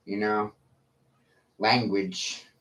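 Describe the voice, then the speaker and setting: A man ranting on a livestream, profane, combative and boastful, with long pauses between his lines. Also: lowish voice, steady tone, a bit bright. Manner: slow, drawn-out delivery with long pauses. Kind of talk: livestream rant.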